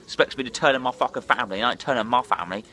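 A man's voice: mid-range voice, very fast, sharp tone. A hungover man, ranting and swearing bluntly in a rambling vlog monologue while drinking. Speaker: drinking vlogger.

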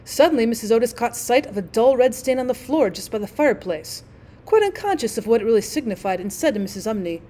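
Higher-voiced woman narrating a classic story. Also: very animated, quick pace, warm tone, a little hiss or hum. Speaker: teacher reading aloud.

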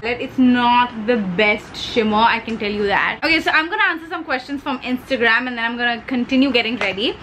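A woman's voice: fairly high pitch, a little fast, few pauses, fairly bright tone, slight background noise, poor audio. A young woman with an Indian English accent chatting casually as a beauty vlogger while she does her makeup, playful and talkative, dropping Hindi words.

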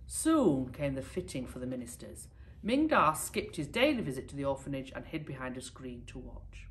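A primary school teacher reading a picture book aloud to her pupils. Her woman's voice sits low and is expressive and lively as she tells the story. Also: moderate pace. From United Kingdom.

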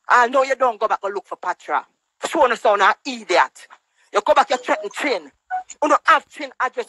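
A woman with a sharp tone and Jamaican accent goes off on a social media live stream from her phone, scolding and ridiculing in patois. She puts on a higher voice for mocking quotes, and the recording is dry and poor.

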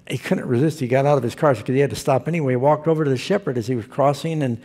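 Gravelly, husky preacher man. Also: mid-range voice, very fast, darkish tone. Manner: folksy storytelling preacher. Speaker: pastor. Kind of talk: sermon.

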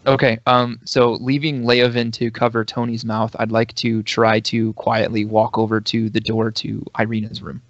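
A man's voice: fairly low pitch, completely flat delivery, normal speed, few pauses, no room sound. A man playing a tabletop game, talking in a stammering way with repeated words. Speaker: player. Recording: dry, dull lo-fi audio.

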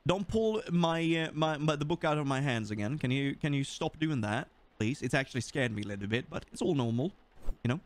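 A young Swedish man, speaking English with his native accent, commenting on a horror game. His voice is fairly high and very animated, jumping around in pitch. A faint noise sits under the recording. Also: fairly quick. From Sweden. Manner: animated, joking, talks to the game. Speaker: gaming YouTuber. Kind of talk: let's play commentary.

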